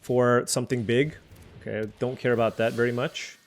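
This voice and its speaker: A man's voice: mid-range voice, level tone, brisk. A man streaming a digital card game, chatty and musing aloud over each play as he weighs his options. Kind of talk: thinking aloud while playing.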